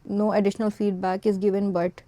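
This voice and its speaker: A woman's voice: mid-range voice, brisk. A woman teacher explaining an English exam's scoring step by step, defining terms and listing question types as she goes. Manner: explains step by step, defines words, lists items in a steady teaching rhythm. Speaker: English test tutor. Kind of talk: explanatory exam-prep lesson.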